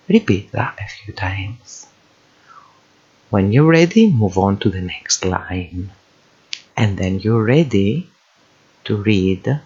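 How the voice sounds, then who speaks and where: A man's voice: fairly low pitch, very animated, slow, gravelly, darkish tone, breathy edge. A man teaching reading as a language tutor, patiently repeating each word and syllable for the listener to copy. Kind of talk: slow instructional voice-over. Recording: dull lo-fi voice-over.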